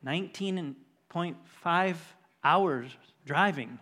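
A man's voice: on the high side, extremely slow, bright, forceful tone. A middle-aged man preaching a sermon as a pastor, telling a personal story in an earnest way and building to emphatic preaching.

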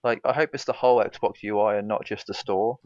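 A man's voice: on the low side, steady tone, fairly quick, darkish tone, dry recording. Laid-back man on a dull, dry mic. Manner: laid-back, rambling with lots of "like". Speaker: podcast co-host. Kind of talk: casual chat.

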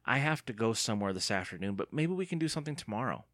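A man's voice: on the low side, expressive, fast, a bit bright, no room sound, clean studio sound. A man voicing a feisty, tough young girl who talks bluntly and scornfully. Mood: disgusted.

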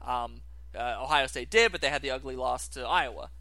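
A man's voice: mid-range voice, fairly quick, pushed and bright, dry recording. A man co-hosting a casual sports talk show, arguing his points step by step. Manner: argumentative, lays out cases step by step.

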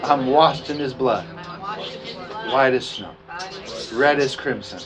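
A man preaching a communion sermon, reading scripture aloud, slowing down on key phrases and leading the congregation in repeating lines. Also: mid-range voice, crowd noise. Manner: emphatic, slows down on key phrases. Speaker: pastor. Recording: dull lo-fi sound with music behind. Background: music playing.

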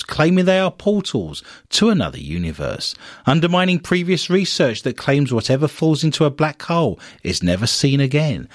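A man reads quirky news stories aloud on a podcast and peppers them with dry jokes. His pitch leaps around in a lively way, a little above the usual for a man. The sound is close and dry, with no room around it. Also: no room sound. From Britain. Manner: wry, teasing, reads stories aloud with quips. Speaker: podcast co-host. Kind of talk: jokey news-reading podcast banter.

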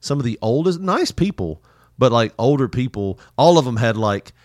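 A man chatting casually on a podcast, rambling through travel stories and breaking into laughter often. His voice sits at an ordinary middle pitch. The sound is dry and close, with no room around it. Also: sing-song, moderate pace, a little mellow, no room sound. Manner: laughs often, loose rambling storytelling with swearing. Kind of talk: casual chat.

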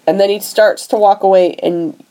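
A woman's voice: mid-range voice, moderate pace, poor audio. A woman hosting a podcast, retelling a film plot in casual chat and acting out the characters' lines. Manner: animated storytelling, acting out dialogue. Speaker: podcast host recapping a film.

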